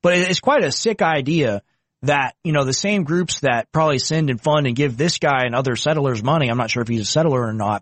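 A man hosting a reaction commentary, heated and scornful, with sudden jumps in pitch. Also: fairly bright tone, no echo. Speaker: political commentator. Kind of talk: reaction commentary on a video clip.

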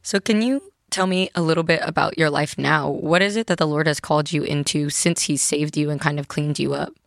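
Gravelly, dry-sounding interviewer. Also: medium pitch, fairly even intonation, brisk, fairly bright tone, no room sound. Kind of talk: casual interview questions.

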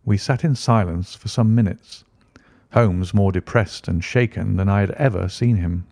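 A man narrating a story in an audiobook reading, with steady, even storytelling. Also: on the low side, moderate pace, gravelly, no echo. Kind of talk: scripted narration.

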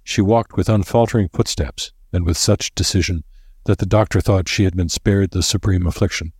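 A man reading a story aloud in a steady, measured narration. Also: low voice, slightly rough, no echo. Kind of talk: scripted narration. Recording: dry close recording.

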